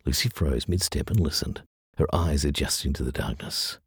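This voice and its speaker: A man reading a story aloud in measured audiobook narration. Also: very deep voice, breathy edge, no room sound, studio quality.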